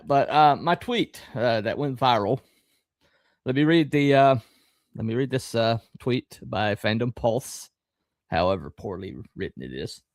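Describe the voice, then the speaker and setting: A man's voice: medium pitch, animated, no room sound. Dry, rambling middle-aged man. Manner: rambling, halting, with frequent fillers and restarts; wry and sarcastic. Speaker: podcast host. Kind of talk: casual live-stream commentary.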